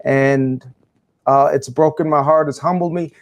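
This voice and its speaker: A man's voice: on the high side, fairly even intonation, unhurried. A man who is a guest in an interview, an education speaker answering in a passionate, emphatic, preacherly way.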